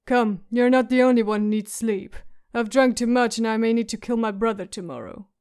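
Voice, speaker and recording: A woman reading the part of a scarred, surly, drunk male warrior who rasps and mocks in an audiobook. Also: fairly high pitch, brisk, darkish tone, lightly acted. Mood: mocking. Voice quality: rasping, mocking.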